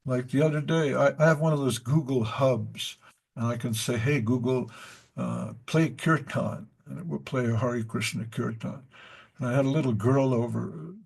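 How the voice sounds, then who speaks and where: Leading a devotional study class, a man rambles through stories with many fillers and asides in unhurried spiritual talk. His mid-range voice moves at a moderate pace, creaky and a little mellow with a breathy edge.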